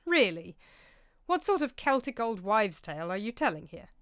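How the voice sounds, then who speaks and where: A woman's voice: medium pitch, sing-song, normal speed, fairly bright tone, no echo, studio quality, voice pushed up. A woman voicing a pious, indignant medieval monk who speaks in a self-righteous, emphatic way. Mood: scoffing.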